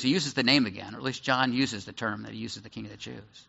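A man's voice: medium pitch, fairly even intonation, a little fast, creaky, sharp tone. A man, a pastor, giving a conversational sermon that explains Bible passages and acts out their scenes. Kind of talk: sermon, verse-by-verse Bible teaching. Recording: echoey hall, slightly dull sound.

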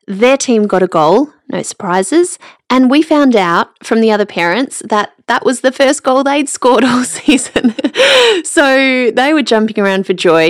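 A woman's voice: on the high side, dry recording, clean studio sound. A middle-aged woman hosts a podcast and tells a personal story. She laughs often while she talks. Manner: warm, laughs often while telling stories. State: emotional, near tears. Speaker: podcast host.

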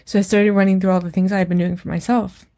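A woman's voice: mid-range voice, little pitch movement, fast, dark tone. A woman in her thirties talking candidly with a co-host about shame and parenting, emotional and loose, peppered with fillers and casual swearing. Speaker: podcast co-host. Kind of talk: candid personal conversation.

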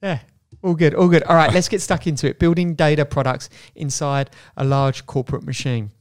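A man's voice: on the high side, steady tone, fairly quick. A man hosting a podcast, asking questions in a friendly, casual way and stammering on his first words. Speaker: podcast host.

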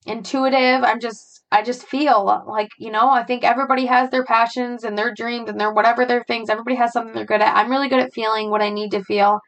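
A young adult woman hosting a podcast, talking through her feelings in a halting, searching way, with frequent sighs and fillers. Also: fairly high pitch, steady tone, a bit bright, poor audio. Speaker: podcast host. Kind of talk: personal reflective monologue.

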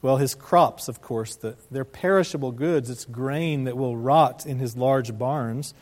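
A man preaching a sermon as a pastor, speaking emphatically, asking rhetorical questions and slowing down to stress key words. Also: mid-range voice, darkish tone.

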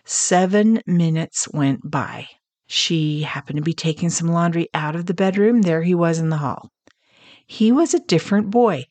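A woman hosting a counseling podcast, calmly teaching and telling stories about clients. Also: fairly low pitch, no echo. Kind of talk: scripted teaching talk with stories.

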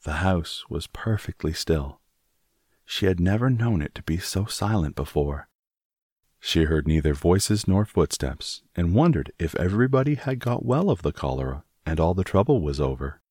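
A man reading a classic novel aloud as an audiobook narrator, in a measured, steady manner. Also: low voice, breathy edge, no room sound, studio quality. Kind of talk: scripted narration.

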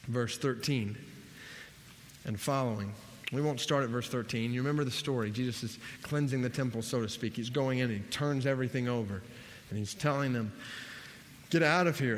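A man delivers a sermon in a middle register, driving home his points by repeating them and tossing questions to his listeners before answering them himself. His voice carries a long reverb tail, like a large hall. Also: medium pitch. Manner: emphatic, repeating key phrases. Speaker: preacher. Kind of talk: sermon Bible teaching.

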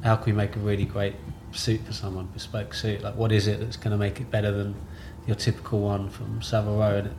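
A man talking through how his business began, thinking aloud and often seeking agreement with his partner. His voice sits a little low, and a faint hiss runs beneath it. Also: level tone, fast talker, gravelly, hardly any pauses. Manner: thinks aloud, seeks agreement with tag questions. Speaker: tailoring business co-founder. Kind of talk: conversational interview answers.

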